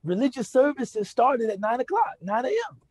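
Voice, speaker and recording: A man's voice: very high voice, very animated, normal speed, darkish tone, husky. A man giving a lecture, telling a personal story in a conversational way, often asking the audience "right?" and "you know". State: moved to emotion. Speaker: Islamic speaker giving a lecture.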